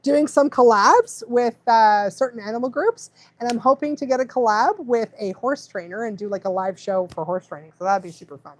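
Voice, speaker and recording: Chatty woman livestreaming, high voice. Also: brisk, hardly any pauses. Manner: rambling, laughs often, goes off on tangents. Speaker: dog trainer and live stream host. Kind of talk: casual live stream chat.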